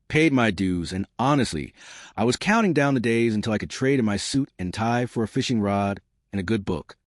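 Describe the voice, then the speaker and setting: A man in his fifties narrating a first-person story in an expressive, scripted way. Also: fairly low pitch, dry recording, studio quality. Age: 50s.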